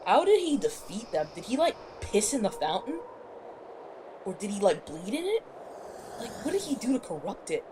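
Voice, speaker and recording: A woman's voice: medium pitch, very animated, normal speed, noisy background. A woman commenting casually and irreverently while playing a game, swearing freely. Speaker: let's play host.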